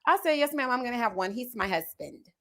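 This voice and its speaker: A young woman tells a story with sass and drama. Her pitch is fairly high and swings widely, rising and falling with each point she makes. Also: lively intonation, quick pace, a bit bright. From Houston, Texas. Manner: sassy, dramatic, acts out quoted voices. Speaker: commentary channel host. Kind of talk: storytelling chat.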